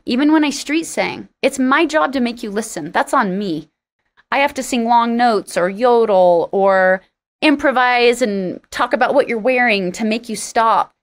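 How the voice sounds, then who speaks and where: A woman, a singer-songwriter, telling her story in a casual interview, candid and a bit sarcastic, acting out quoted lines with big jumps in pitch.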